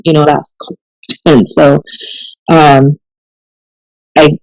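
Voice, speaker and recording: A woman's voice: low-pitched, extremely slow, creaky, dry recording, low-quality recording. Chatty woman, laughs as she tells stories. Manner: chatty and animated, laughs often while telling a story. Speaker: guest, police officer. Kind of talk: casual storytelling in a podcast conversation.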